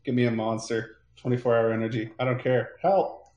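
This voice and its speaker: A man's voice: medium pitch, fairly even intonation, brisk, darkish tone, roomy sound, lo-fi sound. A man playing a tabletop game, talking in a playful, joking way. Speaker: player.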